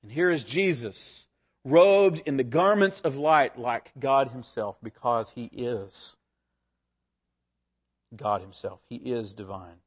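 A man preaching a sermon as pastor, expressive, shifting pitch and pace for emphasis. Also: slow pace, slightly rough.

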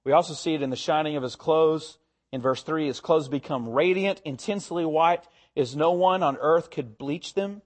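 A man preaching a sermon as pastor, expressive, shifting pitch and pace for emphasis.

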